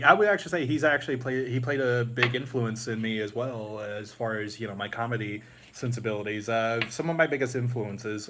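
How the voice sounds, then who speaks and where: A man's voice: on the low side, fairly bright tone, a little hiss or hum. Rambling man chatting on a live stream. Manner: rambling, many fillers, breaks into movie-quote impressions. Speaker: YouTube creator on a live stream. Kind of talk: casual live-stream chat.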